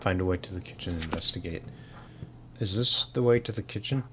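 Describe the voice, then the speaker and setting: A man's voice: deep voice, a little fast, noisy background. A man casually commenting while he plays a horror game, rambling with plenty of fillers and restarts. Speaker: gaming channel host.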